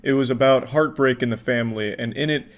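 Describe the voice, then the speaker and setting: Deadpan sarcastic man reacting to clips. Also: medium pitch, brisk. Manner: deadpan, dry, profane. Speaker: online video reaction host.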